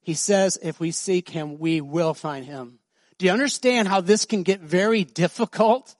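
A male pastor preaching a sermon, swinging between soft, slow passages and loud, emphatic high-pitched stretches. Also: no echo, studio quality.

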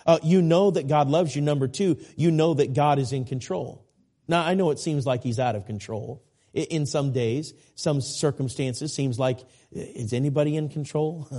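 A man in his forties with a somewhat high, dark-toned voice preaches a sermon as a guest preacher. He is earnest and repetitive, mixing in folksy asides and self-deprecating jokes.

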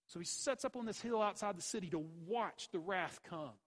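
A man's voice: high-pitched, moderate pace, rough recording. A man preaching a sermon, emphatic, with rhetorical questions and repeated phrases. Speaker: pastor.

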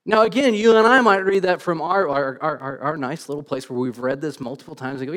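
Casting: middle-aged male pastor, lightly higher voice, lively self-mocking storyteller in church. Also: a little fast, few pauses. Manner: animated storytelling, self-deprecating, many restarts. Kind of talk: sermon.

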